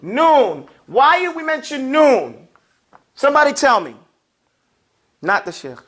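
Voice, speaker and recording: Speaking slowly, this man has a very high, slightly bright voice that swings widely in pitch. He's a classroom teacher of Arabic and recitation who explains with patience and gets his students to echo every word back in call-and-response fashion.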